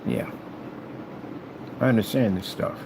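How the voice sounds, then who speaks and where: At a measured pace, a fairly low-voiced YouTuber mocks a rival in a meandering monologue while handling paperwork indoors. He keeps reusing stock phrases and humming, and background noise can be heard.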